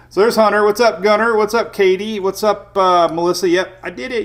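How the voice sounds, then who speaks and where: A man's voice: sits high, moderate pace, a bit bright. A man hosting a weather livestream in a casual, chatty way, greeting viewers by name and laughing often.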